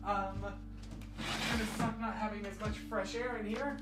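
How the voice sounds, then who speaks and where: A man's voice: high voice, steady tone, moderate pace, over loud music. A man hosting a live stream, chatting casually and playfully with viewers, poking fun at himself and laughing often, speaking from a room at home. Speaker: livestream host.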